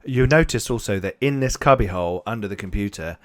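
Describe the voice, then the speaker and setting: A man's voice: on the low side, fast, dry recording, studio quality. Man narrating a tabletop game. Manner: rambling, animated narration with sound effects. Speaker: game master.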